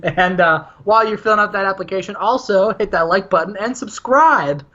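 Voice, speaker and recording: A man's voice: sits high, fairly quick, sharp tone, lo-fi sound. A man co-hosting a podcast, telling stories animatedly and laughing often. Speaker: podcast co-host. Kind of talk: casual storytelling chat.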